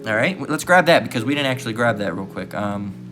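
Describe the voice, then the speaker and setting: A man's voice: mid-range voice, expressive, fast talker. Blunt, crude preaching man with faint music. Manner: blunt, crude, repeats "all right?" constantly. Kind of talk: profane street preaching rant.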